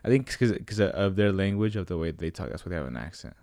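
A man's voice: low voice, expressive, quick pace, creaky, a little mellow, no room sound. A young man chatting casually with a friend in loose slangy talk, full of fillers. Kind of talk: casual chat.

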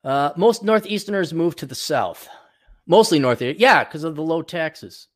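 A man with a slightly higher voice rants through a solo podcast. He swears freely and sneers at people he mocks. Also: expressive, unhurried. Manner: profane, sarcastic, ranting; mock voices for people he ridicules. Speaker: podcast host.

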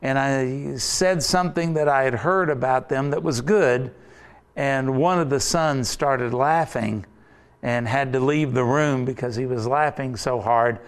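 Slow, deliberate preaching man. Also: mid-range voice, clear, resonant tone. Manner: deliberate, emphatic preaching with repetition. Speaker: pastor. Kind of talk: sermon.

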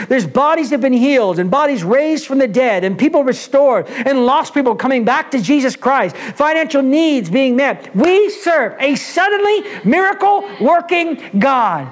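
A man pastor preaching an energetic, emphatic sermon in a church, repeating phrases to stir his listeners. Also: extremely high pitch.

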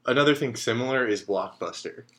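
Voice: mid-range voice, brisk. A co-host in a casual chat who steers the topics and laughs easily.

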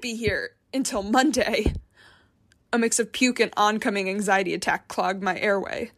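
A woman's voice: a little high, unhurried, a bit bright. A woman reads a first-person memoir audiobook. Her delivery is tense and introspective, with frustration close to the surface. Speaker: narrator.

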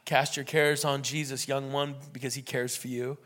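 A man's voice: medium pitch, level tone, measured pace, a bit bright. A young man preaching a sermon and leading prayer in an earnest, conversational way.

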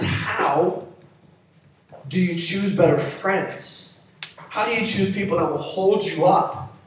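A man's voice: high voice, a bit bright, slight background noise. A young man, a youth pastor, giving a playful sermon to young people, with joking asides to the audience. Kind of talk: youth sermon with live demonstration. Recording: very echoey hall, from far off.

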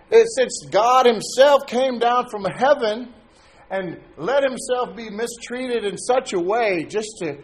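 A man preaching a sermon as pastor, talking to his congregation in a conversational way and asking them questions. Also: high voice.

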